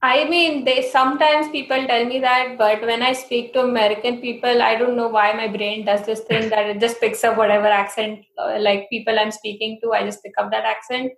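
A woman's voice: a little high, little pitch movement, brisk, gravelly, few pauses. Podcast co-host, woman from India, chatty and giggly, echoey room. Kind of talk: casual chat.

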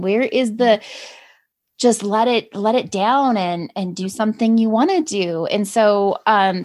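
A woman's voice: medium pitch, darkish tone. Mom in her 40s hosting, chatty, confessional, laughs a lot. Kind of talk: casual chat.

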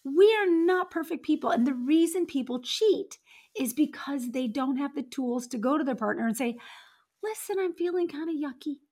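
A woman's voice: high-pitched, normal speed, darkish tone. A middle-aged woman with a frank, blunt manner, hosting a casual relationship advice chat. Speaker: podcast host and relationship coach.

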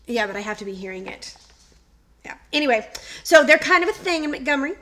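Her voice sits high and a bit bright, with lively intonation and a quick pace. She's a middle-aged woman co-hosting a podcast, chatting casually and laughing often as she tells a story.

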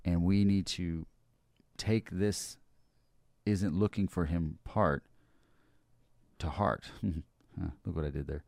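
Man, very low voice, gravelly, dry close sound, casual devotional chat, earnest. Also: steady tone, slow pace, pauses often, a little mellow, no room sound. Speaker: co-host of a lunchtime devotional show.

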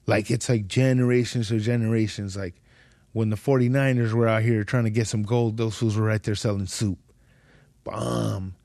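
A man's voice: fairly low pitch, fairly even intonation, normal speed, creaky, mellow, dry recording. A young man, hosting a podcast and telling a rambling, slangy, profane travel story in casual chat. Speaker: podcast host.

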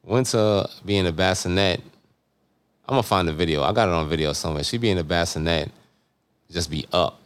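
Laid-back low-voiced male podcast host. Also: fairly quick, smooth, no echo. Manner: loose, joking, shouts out listeners. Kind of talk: casual chat.

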